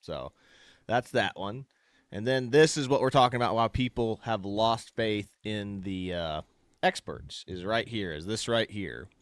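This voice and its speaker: A man co-hosting a casual political chat show, agreeable and quick to chime in with assent. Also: lowish voice, no echo, clean studio sound. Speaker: co-host.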